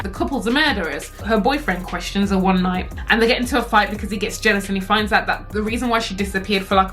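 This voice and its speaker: A young woman telling a story to camera, animated and slangy, swearing and acting out the characters. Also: mid-range voice. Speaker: vlogger. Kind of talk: story time chat.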